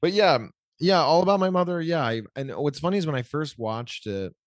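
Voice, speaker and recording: A man's voice: fairly high pitch, brisk, no echo, clean studio sound. A man in his forties chatting as an interview guest, rambling and correcting himself with lots of likes. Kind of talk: casual interview chat.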